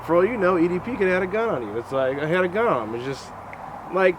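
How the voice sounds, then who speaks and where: A man from Alaska talks casually with a friend outdoors and acts out what others said in playful voices. His voice sits a bit high. Traffic and street noise run clearly behind him. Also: fast. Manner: animated, acts out quotes in funny voices. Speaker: co-host.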